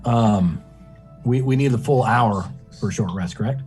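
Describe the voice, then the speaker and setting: A man's voice: medium pitch, moderate pace, darkish tone, faint music behind. A man playing a tabletop game, careful and stammering over his words. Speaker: player.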